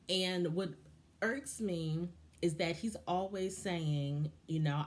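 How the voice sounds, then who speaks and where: Low-voiced woman giving heated commentary. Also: takes it slowly. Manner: impassioned, frustrated, opinionated. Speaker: vlogger reviewing a reality show. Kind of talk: casual commentary.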